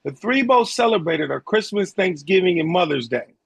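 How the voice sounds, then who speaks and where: A man with a high voice that is gravelly and husky, reading out survey figures briskly on a radio talk show. He sometimes trips over a word and starts it again. The sound is dry and close. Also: lively intonation.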